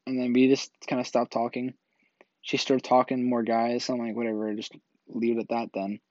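A man's voice: medium pitch, little pitch movement, a little fast, darkish tone, dry recording. A man casually telling a personal story, rambling with lots of filler words and restarts. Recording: dull, slightly lo-fi dry recording.

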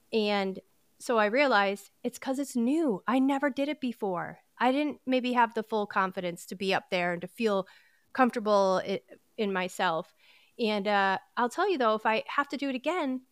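Smooth-voiced woman, candid podcast host. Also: a little high, fairly bright tone, no echo, clean studio sound. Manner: earnest, candid, encouraging, with quick restarts. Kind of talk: personal motivational podcast talk.

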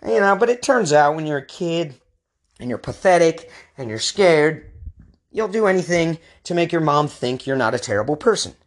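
A man in his thirties telling a comedic personal story in an animated, casual, slangy way. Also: a little high, normal speed.

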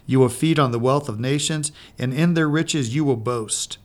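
A woman's voice: rumbling low, moderate pace. A woman co-hosting a faith podcast, reading scripture aloud steadily and giving short replies in chat. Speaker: podcast co-host.

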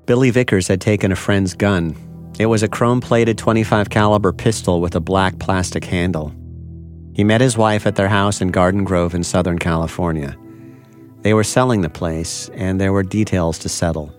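A man's voice: sits low, steady tone, moderate pace, faint music behind. A man narrating a news story in a plain, factual scripted delivery. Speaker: narrator, reporter.

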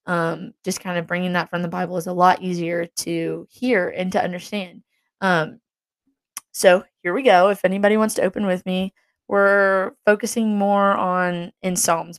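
A young woman talks earnestly about faith in a loose, rambling way, full of fillers and restarts. Her voice sits a little low for a woman. The sound is dry and close, with no room echo. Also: creaky. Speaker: Christian vlogger. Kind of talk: casual faith talk.

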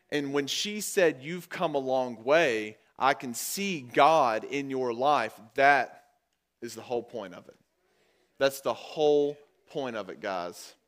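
A man preaching a sermon to his congregation in a conversational way, calling them guys and getting louder and higher when he drives a point home. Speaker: pastor. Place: church.

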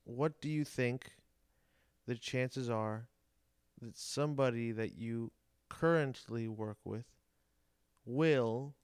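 A man's voice: mid-range voice, slow, pauses often, darkish tone, smooth, no echo, clean studio sound. A man in casual chat who asks questions and jokes around with playful wordplay. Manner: joking, playful with words.

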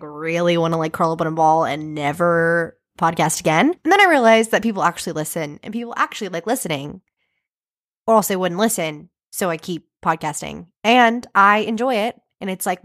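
A woman's voice: on the low side, a bit bright. A young woman hosting her own podcast, chatting casually and rambling with lots of fillers and self-deprecating asides. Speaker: podcast host. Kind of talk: casual solo podcast chat.

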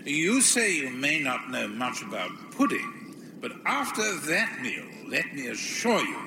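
A man's voice: mid-range voice, sing-song, measured pace, vocal fry, in a large hall, background noise. An actor playing a pompous, self-important male scholar who makes grandiose speeches in a sitcom. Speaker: visiting academic speaker. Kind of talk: sitcom acting.

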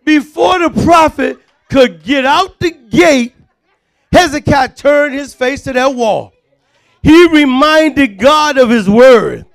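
High-voiced fervent male preacher. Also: animated, slow pace, gravelly. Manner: fervent call-and-response preaching, often shouting. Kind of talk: sermon.

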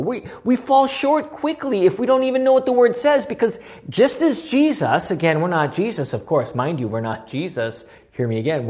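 A pastor preaching a sermon in a loud, animated way, often checking in with the listeners through quick tag questions. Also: medium pitch. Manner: loud, near-yelling delivery. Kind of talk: sermon with Bible study.

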